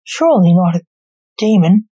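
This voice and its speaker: A woman's voice: lowish voice, animated, moderate pace, warm tone, husky. A woman voicing a male sorcerer who talks in a playful, mocking way. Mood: teasing. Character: male sorcerer, amused and teasing. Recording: dull lo-fi recording.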